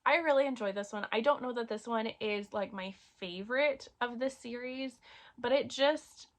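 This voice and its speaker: Speaking at a normal speed in a slightly high voice, a woman casually reviews the romance books she's been reading. Her chatty talk is full of fillers, and she grows emotional about a series she loves.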